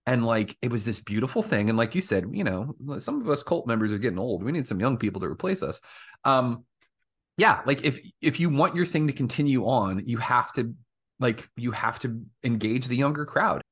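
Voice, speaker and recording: A man with a mid-range voice co-hosts a casual podcast. He explains things at an easy pace and in a relaxed way, with a scattering of fillers. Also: mid-range voice, moderate pace, husky. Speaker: podcast co-host. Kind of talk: casual chat.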